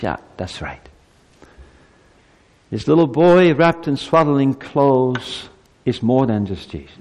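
A man in his fifties preaching a Christmas sermon to his congregation. His delivery swings between soft, quiet asides and loud, high climaxes. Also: big-room sound. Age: 50s. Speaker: pastor.

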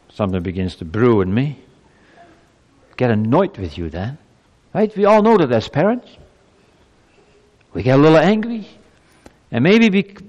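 A male pastor preaching a sermon to his congregation, emphatic and swinging from soft passages to loud exclamations. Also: mid-range voice. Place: church. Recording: long church-hall reverb.

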